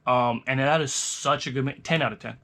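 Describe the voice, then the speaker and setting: A man's voice: mid-range voice, fairly even intonation, a little fast, a bit bright. A young man chatting casually as a vlogger, rambling and restarting his sentences often. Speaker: vlogger reviewing movies. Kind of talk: casual chat.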